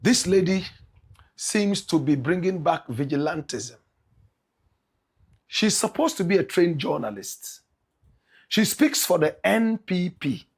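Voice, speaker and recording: Ghanaian man, political commentator, high husky voice, swings wide in pitch, emphatic. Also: animated, slow pace, pauses often. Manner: emphatic, repeats "my brother, my sister", bursts into shouts.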